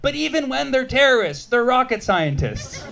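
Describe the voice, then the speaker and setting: High-voiced man doing punchy stand-up. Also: normal speed, vocal fry. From United States. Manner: crowd work, punchy and animated. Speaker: stand-up comedian. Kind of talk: stand-up comedy set. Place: comedy club stage with laughing crowd.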